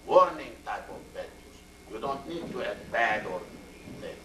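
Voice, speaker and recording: An older man teaching a Quran and Arabic class, speaking slowly and repeating Arabic word forms as he explains them. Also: medium pitch, expressive, crowd noise. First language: Turkish. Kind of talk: classroom tafsir lecture. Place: mosque classroom. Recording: roomy, distant amateur video recording.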